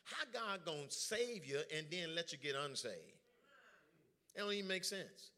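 Preacher guy, bright and kinda high voice, lively and jokey with the crowd. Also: normal speed. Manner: lively, joking, drawls informal speech. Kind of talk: sermon with call and response.

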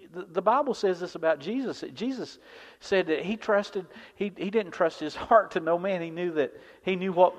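A male pastor delivering an impassioned sermon, his voice a touch higher than most men's. He swings between ringing declarations and quiet, hushed asides. The sound is slightly dull and carries a long hall reverb.

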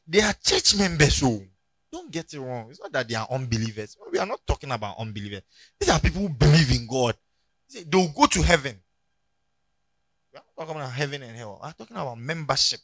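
Lively, bright-voiced male preacher. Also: medium pitch, no echo. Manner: animated, joking, calls on the congregation. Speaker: pastor. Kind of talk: sermon.

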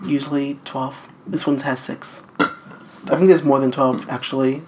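A man's voice: mid-range voice, flat delivery, moderate pace, slight background noise. A man co-hosting a podcast in casual chat, joking and swearing freely with his friend. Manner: profane, joking banter. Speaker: podcast co-host.

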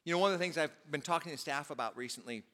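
Male pastor, casual sermon delivery, bright, forceful tone, big reverberant hall. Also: fairly high pitch, racing. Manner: conversational preaching, with frequent "you know" fillers. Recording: long reverb of a large hall.

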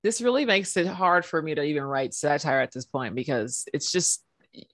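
Podcast co-host, medium pitch, giggly and sarcastic, dry close sound. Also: big pitch swings, fairly bright tone, no echo. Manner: laughs often, quick wry remarks. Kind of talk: casual comedic chat.

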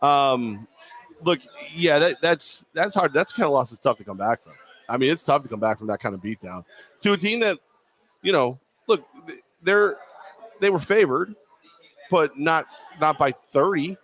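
A man's voice: on the high side, expressive, moderate pace, fairly bright tone. A man co-hosting a casual sports talk show, telling jokey, self-mocking stories.

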